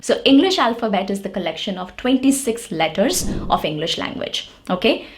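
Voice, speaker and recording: A woman teaching an English lesson, explaining patiently step by step and repeating the example words. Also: mid-range voice.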